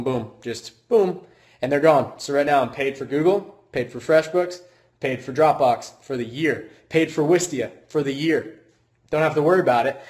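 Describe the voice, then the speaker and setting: A man talking straight to the camera in a casual vlog, sharing his own money habits as a small business owner. He is blunt and conversational, throwing in some mild swearing. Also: mid-range voice.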